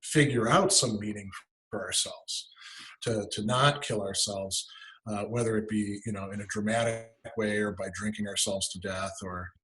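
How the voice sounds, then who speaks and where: A man's voice: lowish voice, fairly even intonation, moderate pace, a bit bright, poor audio. A man, a guest philosopher in casual conversation, explaining ideas as he thinks aloud and often restarting his sentences.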